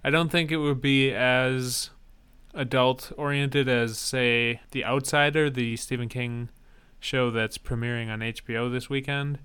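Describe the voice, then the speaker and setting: A man co-hosting a casual podcast about trailers, speaking in an even, matter-of-fact way. His voice is bright and smooth, and he gives his opinions plainly and dryly. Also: mid-range voice, unhurried. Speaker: podcast co-host. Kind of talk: casual trailer-review chat.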